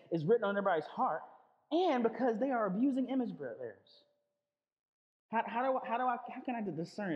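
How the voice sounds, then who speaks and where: Male pastor, high-pitched, chatty sermon delivery with repeated words; reverberant, muffled recording. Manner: conversational, repeats words, calls on listeners with 'listen'. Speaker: preacher. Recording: long reverb, dull lo-fi sound.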